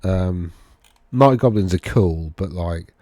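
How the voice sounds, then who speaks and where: A deep, mellow male voice speaks slowly, with no room sound. He's a wargaming video host doing casual screen-share commentary on tournament data on his screen, rambling and correcting himself as he thinks aloud.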